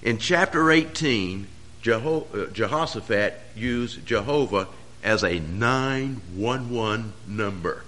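A man preaching a sermon, pressing key phrases harder and louder as he drives each point home. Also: lowish voice, expressive, slow pace.

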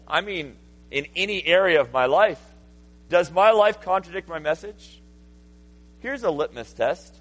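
A man in his thirties preaching a sermon, swinging from loud, emphatic passages to hushed, intimate ones. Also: fairly low pitch, poor audio. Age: 30s. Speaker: pastor.

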